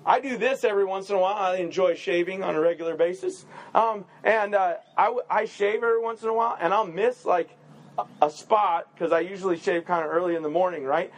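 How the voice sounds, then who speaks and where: A man with a high, light voice preaches in a relaxed, conversational way. He jokes through everyday stories and keeps checking in with the room with a quick "right?". He sounds like a pastor chatting with his congregation. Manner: chatty and joking, with quick asides and rhetorical 'right?'. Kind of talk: casual conversational sermon.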